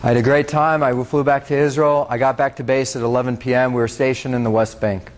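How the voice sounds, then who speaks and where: A young man from the United States giving a public talk as a guest speaker. He tells a story in an earnest, conversational way, speaks straight to the audience and often fills pauses with "uh". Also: medium pitch, flat delivery. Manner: earnest, conversational, talks to the audience directly, with frequent fillers.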